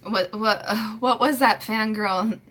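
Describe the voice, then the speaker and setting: A woman's voice: mid-range voice, steady tone, slow, fairly bright tone. A woman in her late twenties chatting casually on a live stream from home, rambling and giggling with lots of fillers. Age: late 20s.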